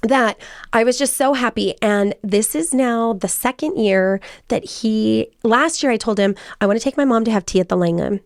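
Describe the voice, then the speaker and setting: A woman's voice: fairly high pitch, normal speed, creaky, no echo, studio quality. Chatty woman telling family stories. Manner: chatty storytelling, quotes people in lively voices. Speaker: host. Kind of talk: casual chat.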